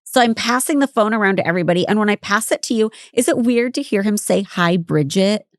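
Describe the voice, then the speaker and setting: A woman's voice: on the high side, fast, dry recording, studio quality. A middle-aged woman co-hosting a podcast, talking frankly, mocking herself and swearing casually. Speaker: podcast co-host. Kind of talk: casual chat.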